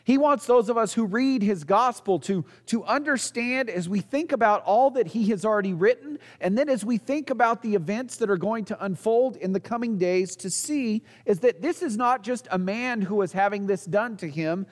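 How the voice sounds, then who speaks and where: High-voiced man preaching in a reverberant church. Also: animated, moderate pace, few pauses. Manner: earnest preaching with rhetorical questions and small restarts. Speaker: pastor. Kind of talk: sermon.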